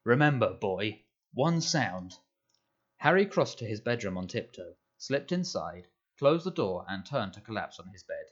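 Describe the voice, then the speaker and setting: Male audiobook narrator, low voice, measured pace, slightly dull recording. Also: big pitch swings. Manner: measured storytelling. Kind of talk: scripted narration.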